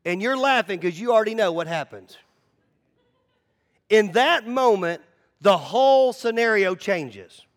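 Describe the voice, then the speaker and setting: A man's voice: high-pitched, measured pace, long pauses. A man preaching a conversational sermon as the pastor, telling stories animatedly and often repeating words as he goes. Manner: animated storytelling, repeats words, acts out voices.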